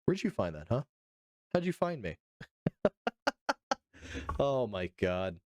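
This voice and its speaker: A man's voice: fairly low pitch, very animated, slow pace, darkish tone, dry recording. A young man from Arizona hosting a casual political livestream, chatting with viewers and reading articles aloud with loose, profane asides. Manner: loose, profane, chatty, answers chat by name.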